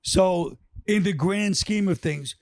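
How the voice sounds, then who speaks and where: A man's voice: high voice, slow, darkish tone, no echo. A man on a podcast, chatting casually and telling rambling stories, acting out the quotes. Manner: rambling storyteller, acts out quotes. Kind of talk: casual chat.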